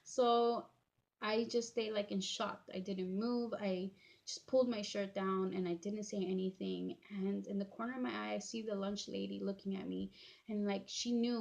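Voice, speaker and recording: A woman in her thirties tells a personal story to her viewers, her speech halting and full of fillers and restarts. She sounds tearful, and her voice has a gravelly edge. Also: medium pitch, lo-fi sound. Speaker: vlogger.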